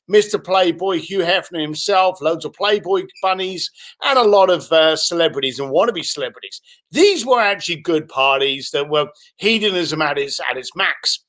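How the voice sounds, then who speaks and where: High, lively male storyteller. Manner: acts out both sides of phone calls. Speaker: speaker telling a business story. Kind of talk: animated storytelling.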